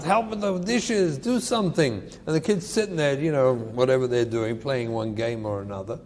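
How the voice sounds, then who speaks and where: A male rabbi giving a lecture on parenting, animated and emphatic, repeating his key points. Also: fairly high pitch, normal speed, big-room sound, a little hiss or hum.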